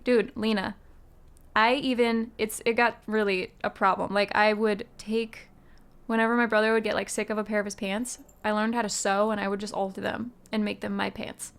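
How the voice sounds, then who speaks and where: A woman's voice: mid-range voice, level tone, normal speed, clean tone. A woman streaming live, chatting casually with her viewers in a rambling way, with many "um"s and "like"s. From United States. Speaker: musician streamer. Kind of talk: casual livestream chat, answering chat.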